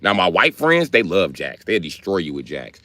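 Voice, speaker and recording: This man's low voice moves at a moderate pace as he rants casually on a live stream, telling animated comedic stories packed with cursing and slang. The recording is dry.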